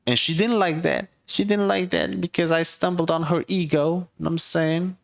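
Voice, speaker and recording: A man's voice: on the high side, lively intonation, normal speed, creaky. A man hosting a casual comedic rant with dating advice, blunt and profane, who keeps driving his points home with "okay?". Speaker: host giving dating and relationship advice.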